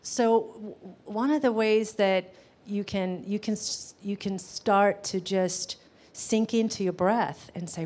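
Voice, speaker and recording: A woman's voice: medium pitch, slow pace, few pauses, a little mellow. A woman teaching a live class on gestalt therapy, talking casually with many "um"s and questions to the audience.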